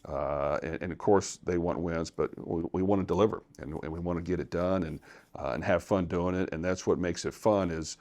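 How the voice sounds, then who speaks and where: Deep-voiced earnest football coach. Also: male voice, steady tone, fairly quick, a little mellow. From Louisville, Kentucky. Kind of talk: podcast interview.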